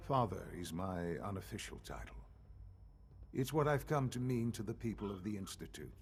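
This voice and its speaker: An actor playing a calm elderly male scientist leader in a game, speaking in a measured, formal way. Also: lowish voice, creaky, a little hiss or hum. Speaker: game character. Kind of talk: game dialogue.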